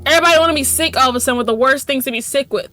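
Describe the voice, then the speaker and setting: Woman let's-play host: high voice, profane, sarcastic ranting commentary. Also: racing, bright, forceful tone, soft background music. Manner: talks to the game characters. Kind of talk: gameplay commentary.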